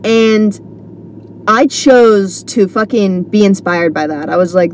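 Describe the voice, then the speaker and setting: A woman's voice: mid-range voice, steady tone, slow, a little mellow, a little hiss or hum. A woman comedian talking solo on her podcast, telling a rambling story full of fillers and restarts. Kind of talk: casual solo monologue.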